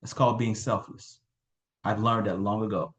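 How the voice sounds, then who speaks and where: A man's voice: fairly low pitch, fairly even intonation, normal speed, fairly bright tone, muffled recording. A man hosting a motivational team call over video, hyping people up and repeating names and phrases. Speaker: call host.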